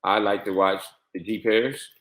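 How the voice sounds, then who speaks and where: A man with a fairly low voice walks through a software setup. He repeats key steps and spells out letters one by one. His voice echoes around the room. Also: fairly even intonation, normal speed. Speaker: trading software instructor. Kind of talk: screen-share tutorial walkthrough.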